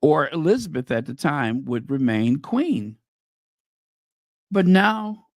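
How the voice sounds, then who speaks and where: A man's voice: on the high side, big pitch swings, slow, no room sound, clean studio sound. A man hosting a commentary channel, reading news headlines aloud and reacting to them with casual, opinionated asides.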